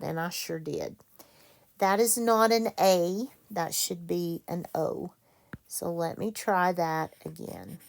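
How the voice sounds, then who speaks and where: A woman teaches a children's reading lesson, talking at an unhurried pace. Her voice sits fairly low and has a gravelly fry to it. She is patient and stops to correct her own slips. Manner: slow, patient, self-correcting.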